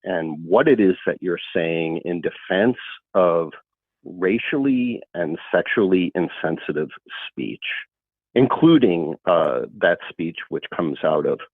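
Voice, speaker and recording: Slow low-voiced man on a phone line. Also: animated, breathy edge, no room sound. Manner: halting, many fillers, earnest. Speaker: public commenter. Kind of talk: public comment by phone. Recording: tinny phone line, dry.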